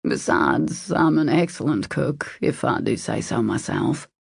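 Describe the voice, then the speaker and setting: A woman's voice: rumbling low, very animated, a little slow, dry recording, clean studio sound, voice pushed down, full character voice. A woman voicing a self-assured male suitor. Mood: assured, teasing. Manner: smooth, assured, gently teasing. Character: confident, calm adult male boss and suitor. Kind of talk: audiobook character voice.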